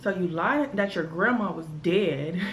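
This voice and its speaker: A woman, telling a story to her camera in casual vlog chat, animated and full of asides, recorded on a phone. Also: on the low side, unhurried, echoey room, slight background noise, poor audio. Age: 20s. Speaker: vlogger.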